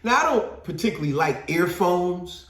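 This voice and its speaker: A man with a fairly high, lively voice, talking in a casual discussion. He tells stories with energy and acts out the people he quotes. The sound is echoey, as if recorded in a bare room. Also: normal speed. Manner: animated storytelling, acts out quotes. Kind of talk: casual talk-show discussion.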